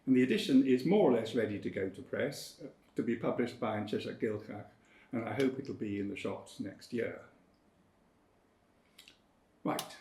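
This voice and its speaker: A man giving an academic lecture in a measured, precise way, with firm emphasis on key points. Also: on the low side, warm tone. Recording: roomy lecture hall.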